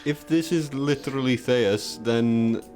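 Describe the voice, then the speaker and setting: A man's voice: medium pitch, measured pace, darkish tone, soft background music. A man playing a tabletop game, speaking hesitantly. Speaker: player. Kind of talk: casual tabletop play.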